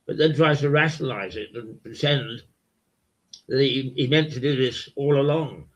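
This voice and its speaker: An older man from hosting a local webcast, talking in a slow, rambling, croaky voice full of fillers. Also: mid-range voice, fairly bright tone. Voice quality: croaky, gravelly voice. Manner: slow, halting, many fillers and repeats. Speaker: local TV host. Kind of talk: rambling casual monologue. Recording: dull lo-fi webcast audio.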